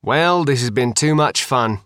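A man reading an audiobook, voicing a steady, proud father. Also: medium pitch, a little slow, clear, resonant tone, no room sound, clean studio sound.

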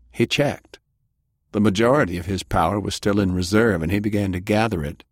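A man narrating an audiobook in a lively reading style. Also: low voice, moderate pace, dry recording, clean studio sound.

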